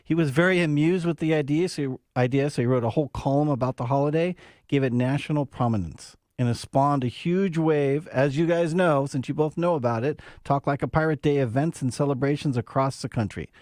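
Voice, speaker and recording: Playful guy doing the whiskey bit on a radio show, a bit higher voice, dry mic. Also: a little fast, no room sound. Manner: lively storyteller, playful. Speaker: whiskey review co-host. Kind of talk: casual radio banter with read-out segment.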